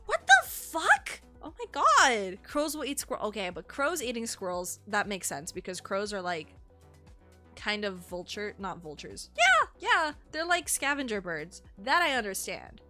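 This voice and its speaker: A young woman streaming, who reads entries aloud calmly and breaks into shocked, swearing exclamations. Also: mid-range voice, moderate pace, soft background music. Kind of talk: live-stream reaction and reading aloud.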